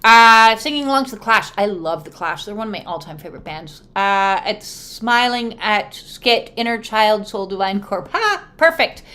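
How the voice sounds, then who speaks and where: A woman's voice: medium pitch, animated, normal speed, hardly any pauses, bright, forceful tone. A woman giving a live spiritual card reading to viewers, casual and emphatic, swearing freely. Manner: acts out quoted voices. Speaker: oracle and tarot card reader.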